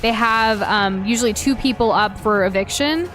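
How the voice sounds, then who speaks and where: A woman's voice: a little high, moderate pace, a bit bright, faint music behind. A woman co-hosting a gaming stream, chatting casually and greeting viewers, with lots of likes and ums and frequent giggles. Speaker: streamer co-host. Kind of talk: casual chat while gaming.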